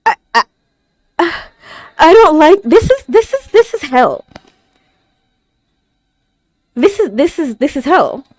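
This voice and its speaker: Reaction host, woman: high voice that swings wildly, gasping and stammering exclamations, dry close sound. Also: sing-song, unhurried, no room sound. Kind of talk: live anime reaction commentary.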